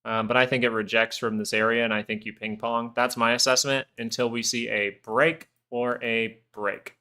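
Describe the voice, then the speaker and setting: A man hosting a live market stream, talking off the cuff in a loose, rambling way with plenty of fillers. His voice is bright and forceful, set at a middle pitch. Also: little pitch movement, moderate pace. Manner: rambling, chatty, full of fillers and asides. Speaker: stock market stream host. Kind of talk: casual live-stream commentary.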